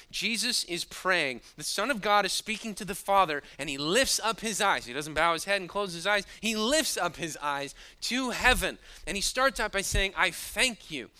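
A man preaching a sermon, moving between quiet, hushed asides and sudden loud bursts, and chuckling now and then at his own points. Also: fairly high pitch, clean tone. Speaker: pastor.

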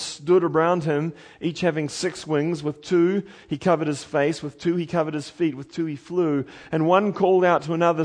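A man preaching a sermon with dramatic swells to loud cries and drops to low, quiet warnings.

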